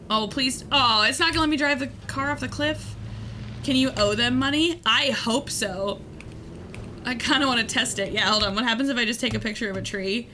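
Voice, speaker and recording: A woman's voice: a little high, fairly quick, bright, forceful tone, a little hiss or hum. A woman hosting a charity livestream while she plays a game, playful and giggly as she thanks donors. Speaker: streamer hosting a charity stream. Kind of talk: casual gaming livestream chat.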